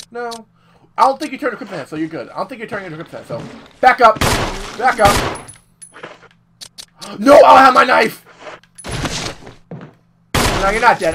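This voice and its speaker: Cursing, jumpy male gamer, noisy recording. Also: high voice. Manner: profane, jumpy, yelling at the game. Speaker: let's play gamer. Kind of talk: gameplay commentary.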